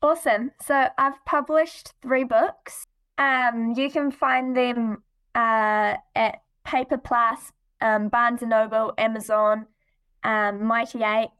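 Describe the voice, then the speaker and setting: A woman's voice: a little high, fairly even intonation, takes it slowly, a bit bright. Earnest, giggly teenage New girl. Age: teens. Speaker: guest, young poet. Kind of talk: casual interview chat.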